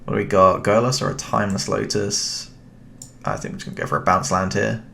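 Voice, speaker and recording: A man's voice: lowish voice, a little fast, creaky, fairly bright tone, slight background noise. A young British man casually commentating his own card game, thinking aloud and chatting to his opponent.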